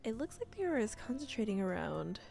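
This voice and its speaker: A woman's voice: mid-range voice, big pitch swings, fast talker, gravelly, warm tone, faint music behind. A woman hosting a let's play, reading a cozy role-playing game's text aloud with playful asides. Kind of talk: let's play narration of a visual novel.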